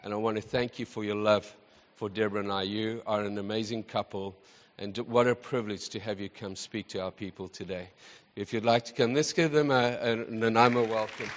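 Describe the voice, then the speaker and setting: A man hosting as pastor, telling a story with deep emotion to his congregation. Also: fairly even intonation, brisk, a faint crowd. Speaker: host pastor. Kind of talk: sermon. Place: church hall with congregation. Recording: church hall reverb with congregation.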